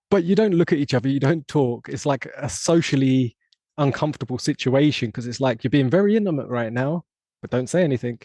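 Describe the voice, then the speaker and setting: A man's voice: medium pitch, expressive, normal speed, mellow, no room sound. An English man hosting a podcast, talking through his ideas at length in a casual, reflective conversation. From England. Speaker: podcast host.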